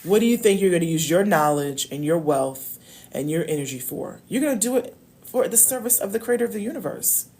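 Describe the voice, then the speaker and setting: A woman's voice: on the low side, expressive, brisk, warm tone. Emphatic woman on a live stream. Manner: emphatic, preachy, addresses viewers as y'all. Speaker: love coach. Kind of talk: casual live-stream talk.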